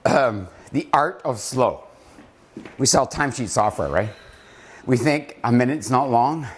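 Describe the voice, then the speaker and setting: Male founder vlogging a motivational talk: slow-paced, expressive pitch, out of breath at times. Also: husky. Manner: coaching slow push-ups, counting aloud, laughing often; reflective, drops low and soft to make points. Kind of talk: casual motivational vlog talk.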